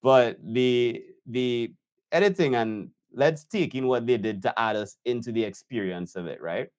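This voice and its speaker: A man reacting to a video as an editor, unhurried and admiring as he talks through the choices. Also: mid-range voice. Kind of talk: reaction commentary.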